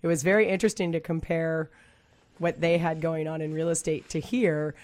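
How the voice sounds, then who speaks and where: Husky-voiced chatty woman radio co-host. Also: low-pitched, little pitch movement, fairly quick, darkish tone. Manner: chatty, laughs often, stumbles over words. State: husky voice after a cold. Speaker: real estate agent and co-host. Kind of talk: casual radio chat. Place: radio studio.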